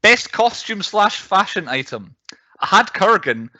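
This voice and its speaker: A man's voice: high voice, sing-song, a little slow, pushed and bright, no echo, muffled recording. A man co-hosting a podcast, chatting casually as he runs through a list with laughs. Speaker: podcast co-host. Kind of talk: casual chat.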